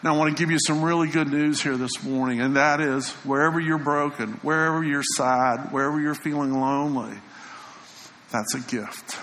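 Bright-voiced preacher in an echoing church. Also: male voice, a little high, fairly even intonation, a little fast, hardly any pauses, a little hiss or hum. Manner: conversational preaching, quoting scripture, dropping softly for emphasis. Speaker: pastor. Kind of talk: sermon. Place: church sanctuary. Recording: echoing church hall with faint ambience.

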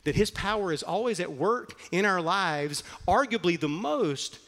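A man's voice: high-pitched, animated, a little slow, a bit bright. Earnest male preacher in a reverberant hall. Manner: earnest storytelling with frequent fillers. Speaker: pastor. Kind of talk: sermon.

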